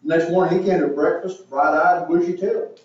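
Pastor with a higher voice, echoey church. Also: male voice, steady tone, quick pace. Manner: tells jokes and laughs along with the congregation. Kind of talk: sermon with jokes and scripture reading. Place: church sanctuary. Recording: echoey church room, distant mic, dull sound.

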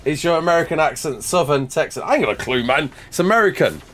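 A man's voice: a little high, expressive, quick pace, fairly bright tone. A man streaming a game live, chatting and joking with viewers, laughing often, on a headset mic. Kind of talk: live gameplay chat.

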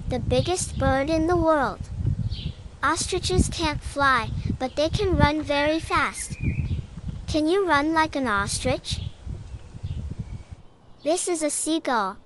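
A woman narrating a scripted children's lesson in a bright, encouraging way, often asking the listener to join in. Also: high voice, background noise.

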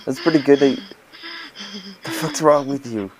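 A man's voice: medium pitch, measured pace, a little mellow, low-quality recording. A young man chatting casually during gameplay, teasing his friend, laughing often and swearing. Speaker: gamer co-host.

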